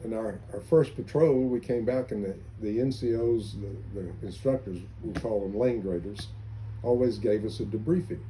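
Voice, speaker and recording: A man's voice: fairly low pitch, normal speed, mellow, slight background noise, rough recording. An older man, a veteran, recalling his army days in an oral history interview, telling anecdotes with many restarts. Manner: rambling anecdotal storytelling with restarts.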